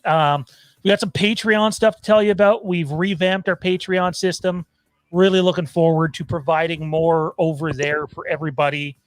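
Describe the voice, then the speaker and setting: Host, male, upbeat teasing patter, slightly high voice, dry close sound, video call. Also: fairly even intonation, moderate pace, no echo, faint music behind. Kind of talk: casual live show chat.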